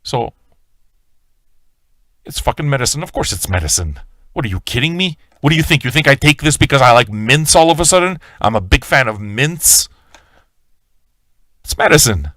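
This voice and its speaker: A man's voice: mid-range voice, expressive, moderate pace, pauses often, fairly bright tone, dry recording. A man hosting a live-stream radio show, ranting in a swaggering, profane way and talking straight to his viewers. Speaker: livestream radio host.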